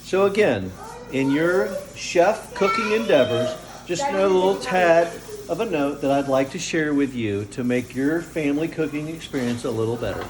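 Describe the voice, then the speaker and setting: Older man, slightly high voice, chatty, proud showman, home kitchen, loud frying noise. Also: lively intonation, normal speed. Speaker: family cook filming a holiday video. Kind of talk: casual home video narration. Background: frying sizzle.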